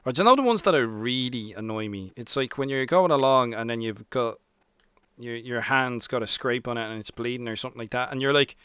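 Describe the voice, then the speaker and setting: An Irish man in his twenties or thirties hosts a relaxed live chat, teasing and laughing with a guest. His voice is bright and forward. The sound is dry and close. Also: mid-range voice, quick pace, clean tone, dry recording. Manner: jokey, teasing banter. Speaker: host. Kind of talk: casual chat on a live stream.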